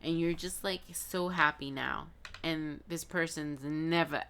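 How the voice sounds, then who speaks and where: A woman's voice: low voice, fairly even intonation, unhurried, gravelly, few pauses, fairly bright tone, clean tone. A woman giving an intuitive tarot reading to her viewers in a chatty, emphatic and encouraging way, often restarting her sentences. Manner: earnest and encouraging. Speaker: tarot reader.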